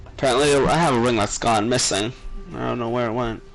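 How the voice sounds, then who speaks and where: Fast gravelly-voiced male gamer. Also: medium pitch, soft background music, rough recording. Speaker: co-player. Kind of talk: casual gaming chat.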